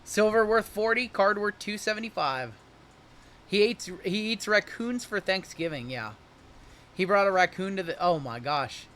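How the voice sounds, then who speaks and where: A young man hosting a live-streamed card break, joking and hyping each pull in rapid running banter. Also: sits high, expressive, fairly bright tone.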